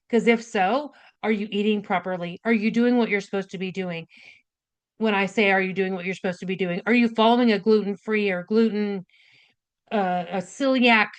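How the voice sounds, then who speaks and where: A woman nurse giving a casual spoken health lesson, direct and chatty, often checking in with "right?" and "okay?". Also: mid-range voice. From United States. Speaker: nurse educator hosting a health class.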